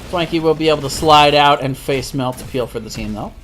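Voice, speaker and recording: A man doing live play-by-play commentary on an esports match, steady with frequent self-corrections. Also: fairly high pitch, fairly quick, a little hiss or hum. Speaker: esports caster.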